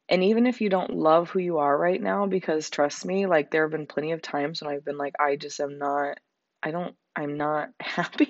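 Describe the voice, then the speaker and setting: A woman in her twenties with a hoarse, raspy voice, hosting a reflective solo podcast in an earnest, rambling way. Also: low-pitched, dry recording. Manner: earnest, rambling, with frequent likes and laughs. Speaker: podcast host. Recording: dull, slightly lo-fi sound.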